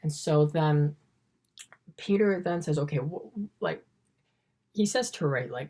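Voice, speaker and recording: A woman's voice: low voice, expressive, slow, pauses often, dark tone, breathy edge. A woman giving a casual scene-by-scene film recap as a reviewer, in an eager, rambling retelling.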